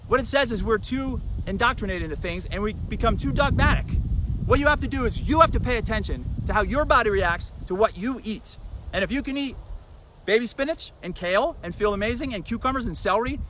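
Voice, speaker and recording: A man's voice: high-pitched, lively intonation, fairly quick, background noise. A man in a casual vlog, talking emphatically and a little preachily to the camera from outdoors. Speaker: fasting and fitness vlogger.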